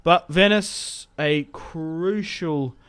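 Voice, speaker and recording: A young man giving casual, rambling game commentary, self-mocking and prone to sudden excited outbursts. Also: a little high, extremely slow, smooth. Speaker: gaming YouTuber. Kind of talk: casual Let's Play commentary. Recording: game music playing faintly behind.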